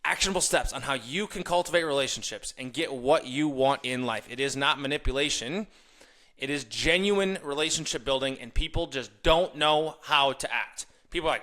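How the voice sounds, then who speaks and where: Young male podcast host, bright and punchy, animated ranting monologue with quick mimicked asides. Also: on the high side. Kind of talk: casual motivational monologue.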